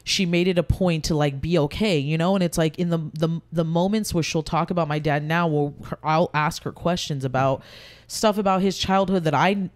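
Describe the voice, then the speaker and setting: A woman's voice: low-pitched, moderate pace, hardly any pauses. A woman speaking as a podcast guest, talking candidly and heartfelt about grief, rambling with frequent restarts.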